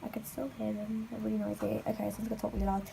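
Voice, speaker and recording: A woman's voice: medium pitch, level tone, rapid-fire, gravelly, background noise. A teenage girl chatting through a makeup tutorial at home, rambling and filling her talk with "like.". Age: teens. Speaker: beauty vlogger.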